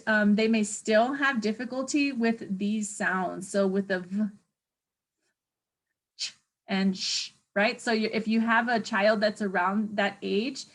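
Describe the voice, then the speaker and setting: A woman teaching an exam review lecture, chatty and hesitant, often pausing to search for words with many fillers. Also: a little high. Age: adult parent of a young child. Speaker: teacher educator.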